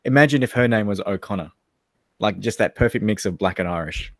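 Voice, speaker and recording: A man's voice: on the low side, fairly quick, fairly bright tone, no echo, studio quality. A man with an Australian accent co-hosting a casual livestream chat, joking, laughing and crude. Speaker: livestream co-host.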